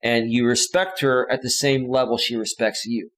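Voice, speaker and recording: A man's voice: mid-range voice, fairly even intonation, moderate pace, a bit bright. Man with a mid-range voice coaching. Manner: earnest, lecturing, repetitive. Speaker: relationship coach. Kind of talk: casual advice monologue.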